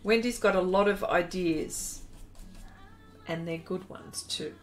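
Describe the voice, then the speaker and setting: A woman's voice: lowish voice, slow pace, soft background music. An Australian woman running a live painting demonstration, chatting and giggling as she reads out viewer comments and greets people by name. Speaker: art instructor on a live stream. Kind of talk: live-stream painting demo, reading chat aloud.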